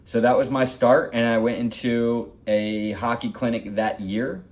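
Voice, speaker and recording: A man's voice: medium pitch, steady tone, a little slow, a little mellow. A man in his forties telling a heartfelt personal story in a rambling, repetitive way. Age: 40s. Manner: rambling, heartfelt, repeats himself. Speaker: hockey vlogger.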